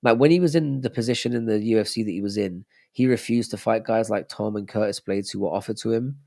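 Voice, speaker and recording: A man's voice: on the low side, quick pace, gravelly, warm tone. A young man hosting a casual live stream, chatting loosely and answering viewers' messages as he reads them out. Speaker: livestream host.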